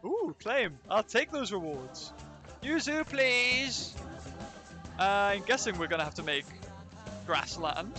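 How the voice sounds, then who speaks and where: High-voiced man streaming a zoo game. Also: sing-song, moderate pace, music in the background. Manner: chatty, reads and answers live chat while playing. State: recovering from illness. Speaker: let's play streamer. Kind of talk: casual livestream commentary.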